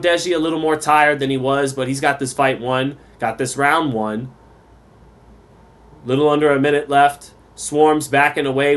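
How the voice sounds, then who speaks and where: A man giving round-by-round boxing commentary for a live stream, relaxed and chatty, reading viewer comments aloud. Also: medium pitch.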